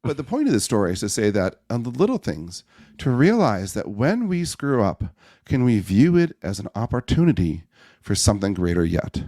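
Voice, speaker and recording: A man, a podcast guest, telling personal stories in an animated way and acting out the voices in them. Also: on the low side, normal speed, no echo, clean studio sound. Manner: animated storyteller, acts out voices in anecdotes. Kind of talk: storytelling in a podcast conversation.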